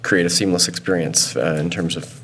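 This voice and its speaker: A man school board member giving halting, thoughtful comments with many fillers. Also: deep voice, a bit bright, a little hiss or hum. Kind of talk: public meeting remarks.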